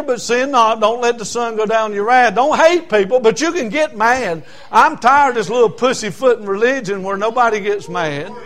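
Southern preacher man telling a bible story, folksy and fired up, pretty high voice. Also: fairly bright tone. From South Carolina. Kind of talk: sermon.

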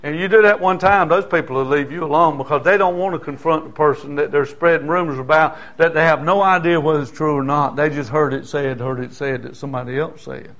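An older man preaches to his congregation in a folksy, talking style, dropping in call-and-response asides. His voice sits a bit high for a man. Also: steady tone, brisk, hardly any pauses, a bit bright. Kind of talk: sermon.

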